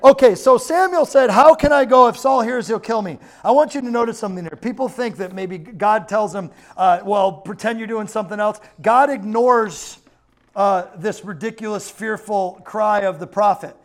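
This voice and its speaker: High-voiced animated man preaching. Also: moderate pace. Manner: animated, acts out quotes, laughs often. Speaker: pastor. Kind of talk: sermon.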